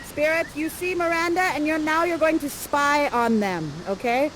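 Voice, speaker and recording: A playful woman with a slightly high voice leads audience members through a live theater piece. She is theatrical and encouraging, coaxing people into their parts with bright asides. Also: normal speed, slight background noise, low-quality recording. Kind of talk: interactive theater narration.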